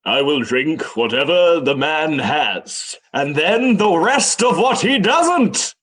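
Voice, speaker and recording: A man's voice: fairly high pitch, big pitch swings, slow pace, fairly bright tone, slightly rough, pitched above the performer's own voice, full character voice. A man voicing an odd, cheerful druid in a tabletop game, polite and earnest with a shifting accent. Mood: hearty. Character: odd male druid, cheerful and literal-minded.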